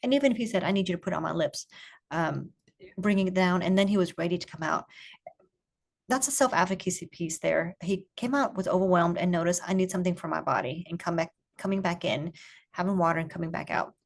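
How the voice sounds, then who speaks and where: A woman leading an online parenting coaching group on a video call, asking calm, curious questions and encouraging the parents. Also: lowish voice, quick pace, vocal fry.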